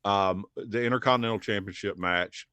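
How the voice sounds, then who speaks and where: Low-voiced man co-hosting a podcast. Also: moderate pace, pushed and bright, clear, resonant tone, no room sound, lo-fi sound. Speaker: podcast co-host. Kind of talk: casual chat.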